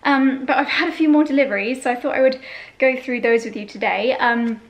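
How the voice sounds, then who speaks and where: A woman's voice: high voice, a little fast. A young woman vlogging in a chatty, enthusiastic way and a bit out of breath. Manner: chatty, enthusiastic, lots of exclamations. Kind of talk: casual vlog chat. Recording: faint background noise.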